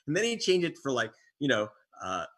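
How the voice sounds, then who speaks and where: A man's voice: medium pitch, wildly swooping pitch, moderate pace, fairly bright tone. A man, an investigative reporter and author, being interviewed as a guest, talking in a wry storytelling way with sarcastic jabs. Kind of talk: interview conversation.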